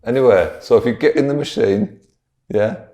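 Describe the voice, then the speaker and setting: A man's voice: mid-range voice, very animated, normal speed, vocal fry, mellow, voice pushed up. A man playing a lonely earnest male scientist in his own voice on an improvised comedy podcast, talking fondly and reassuringly.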